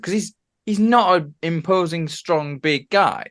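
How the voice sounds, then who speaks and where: A man's voice: fairly high pitch, expressive, moderate pace, fairly bright tone. A man co-hosting a casual film podcast, making his points emphatically. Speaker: podcast co-host. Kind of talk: casual chat.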